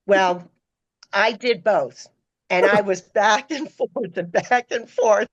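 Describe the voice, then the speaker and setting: Animated middle-aged woman telling stories. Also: slow, muffled recording. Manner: animated, acts out quoted voices with pitch jumps. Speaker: podcast guest, former personal assistant. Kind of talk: casual storytelling.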